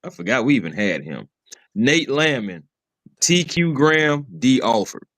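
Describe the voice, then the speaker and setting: Steady mid-voiced man breaking down football. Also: medium pitch, measured pace, no room sound. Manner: steady, lists players, frequent affirmations. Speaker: sports podcast co-host. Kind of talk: casual sports chat.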